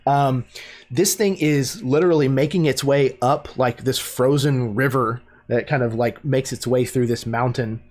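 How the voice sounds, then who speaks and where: A man narrating a tabletop game as game master, his pace slow and unhurried. He hesitates a lot, filling gaps with ums and likes as he paints the scene. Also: mid-range voice, darkish tone. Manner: hesitant, many fillers.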